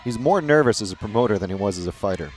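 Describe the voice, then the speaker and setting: A man's voice: lowish voice, expressive, racing, a little mellow, soft background music. A man hosting a live watch-party stream, interviewing a guest in an upbeat, friendly way. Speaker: host.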